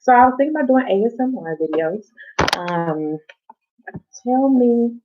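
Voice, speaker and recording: A woman's voice: fairly high pitch, lively intonation, unhurried, noisy background. A woman hosting a casual live stream from home, rambling, chatting to viewers and swearing casually. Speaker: livestream host. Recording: dull lo-fi stream audio.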